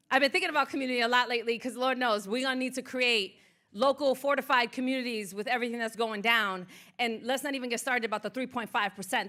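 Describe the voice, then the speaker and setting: A woman leads a live crowd through affirmations and spoken-word pieces. Her voice is bright and forceful and sits a little high. She speaks in rhythmic, declarative phrases meant for a room to repeat. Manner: rhythmic, declarative, leading call-and-response. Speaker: motivational speaker. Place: art museum event space.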